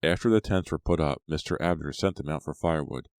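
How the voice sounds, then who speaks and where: A man narrating an audiobook in a steady storytelling voice. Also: very deep voice, fast talker, no echo, clean studio sound. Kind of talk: scripted narration.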